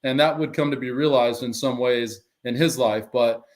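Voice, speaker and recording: A middle-aged man telling his own story on a podcast, acting out quoted dialogue with animated shifts. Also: medium pitch, moderate pace. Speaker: guest, former pro football player and life coach.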